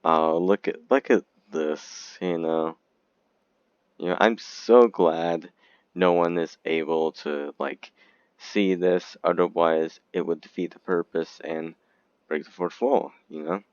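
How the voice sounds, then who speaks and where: A man giving rambling, giggly casual commentary over a game video, breaking into sudden squeaky outbursts, on a dull lo-fi recording. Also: slow, creaky, no room sound. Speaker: gaming video creator.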